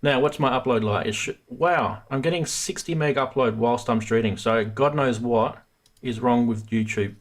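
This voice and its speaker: A man's voice: medium pitch, moderate pace. Casual male livestream host, talkative, swears offhand, laughs a lot.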